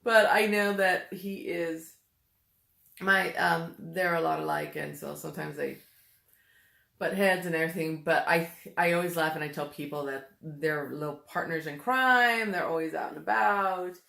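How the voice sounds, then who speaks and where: Lower, gravelly-voiced chatty mom. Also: female voice, normal speed, sharp tone. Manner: chatty storyteller, laughs easily. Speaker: vlogger, mother. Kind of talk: casual chat. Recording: echoey room.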